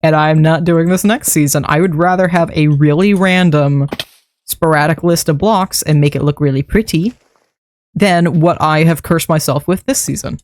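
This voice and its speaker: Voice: mid-range voice, normal speed. A streamer giving casual gameplay commentary, rambling to themself and chuckling at their own mistakes while building. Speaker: streamer building a game base.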